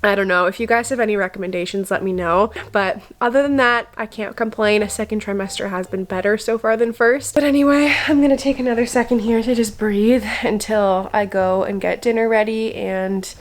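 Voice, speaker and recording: A woman's voice: medium pitch, steady tone, fairly quick, hardly any pauses, faint music behind. Chatty young woman vlogging. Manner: chatty and upbeat, with filler "like"s. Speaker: vlogger, expecting mother. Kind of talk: casual vlog chat.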